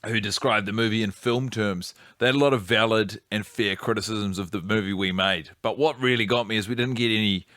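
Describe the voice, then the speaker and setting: A man's voice: fairly low pitch, a little fast, hardly any pauses, a bit bright, no echo, clean studio sound. A man co-hosting a comedy podcast, giving rambling, mock self-serious commentary as if he made the film. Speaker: podcast co-host.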